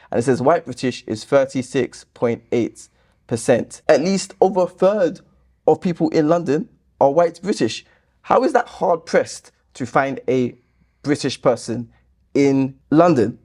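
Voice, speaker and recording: A man hosting his channel, reading viewer comments aloud and answering them with sarcastic exasperation. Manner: exasperated, sarcastic, lively pitch jumps. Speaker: YouTube host reacting to comments.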